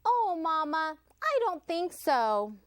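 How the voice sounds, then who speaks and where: A woman voicing a tidy, polite young male pig in a picture book read aloud, in a bright, mildly raised storybook voice. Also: extremely high pitch, big pitch swings, slow, dry recording, clean studio sound, pitched above the performer's own voice, exaggerated voice. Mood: earnest.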